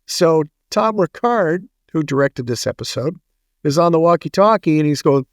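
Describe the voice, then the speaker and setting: A man's voice: on the high side, expressive, dry recording, studio quality. A middle-aged man co-hosting a podcast, chatting casually and telling stories full of puns and dad jokes. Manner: jokey, storytelling, quick asides and dad jokes. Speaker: podcast co-host. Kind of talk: casual chat.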